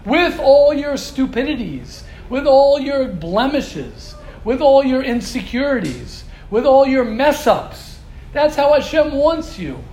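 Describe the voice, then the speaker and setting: A man's voice: very high voice, slight background noise. A man teaching a religious class to students, emphatic and repetitive, sometimes acting out their complaints. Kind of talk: lively classroom lecture. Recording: echoey room.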